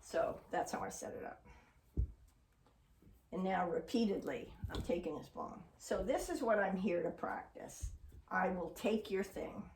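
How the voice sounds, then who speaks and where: A woman's voice: on the low side, animated, measured pace, gravelly, a little mellow, slight background noise. A woman dog trainer patiently explaining a training exercise and talking affectionately to her dog, heard from a distant mic. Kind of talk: training demonstration with commentary. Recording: roomy sound from a distant mic.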